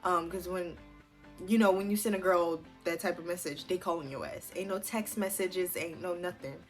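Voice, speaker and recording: A woman's voice: fairly low pitch, moderate pace, soft background music. A woman, chatting casually and animatedly to her viewers as she tells a personal story, swearing freely along the way. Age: 20s. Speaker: vlogger.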